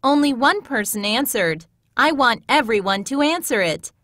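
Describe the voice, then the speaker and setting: A woman reading classroom English phrases in a clear, measured, teacher-like way, as scripted studio narration. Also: a little high, lively intonation, a bit bright, no room sound.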